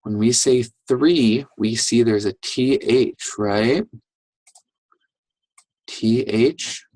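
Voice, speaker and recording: A patient teacher guiding young children through a reading lesson at an unhurried pace, often checking in and praising them. The voice sits in a middle pitch and sounds dry and close, with no room echo. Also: darkish tone. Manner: patient, encouraging, checks in with "right?" and "okay?". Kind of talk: online reading lesson for first graders.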